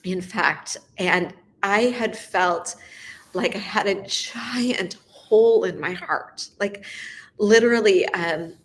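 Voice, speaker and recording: A middle-aged woman tells her own story of grief and healing as host of a faith series. She speaks slowly and softly, often halting and close to tears, in an unhurried, heartfelt testimony. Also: medium pitch, slight background noise. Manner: emotional, tearful at times, speaks in soft halting bursts. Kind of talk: personal testimony, heartfelt talk.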